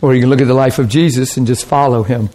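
A man pastor giving an informal teaching talk, telling stories in an animated way and laughing often. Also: mid-range voice, fast talker.

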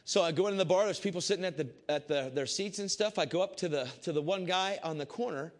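A man with a somewhat high-set voice tells a Christian testimony in casual, everyday talk. He is animated and swings from bursts of loud excitement to hushed, intense stretches. He keeps saying "I said" as he tells it. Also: fast. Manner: casual, repeats "I said" often. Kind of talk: testimony storytelling to a crowd.

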